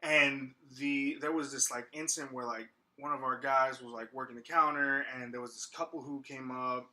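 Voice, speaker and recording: A man's voice: mid-range voice, steady tone, moderate pace, pushed and bright. A young man from Texas, a podcast co-host, telling a story casually with lots of fillers and restarts. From Texas, USA.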